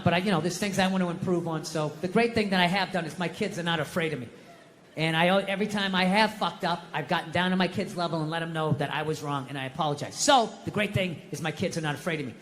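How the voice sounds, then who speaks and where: Middle-aged man, stand-up comic, high bright voice, exasperated profane rant, live stage, long hall reverb, faint ambience. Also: slight background noise. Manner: ranting, profane, exasperated storytelling. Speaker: stand-up comedian. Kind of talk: stand-up routine.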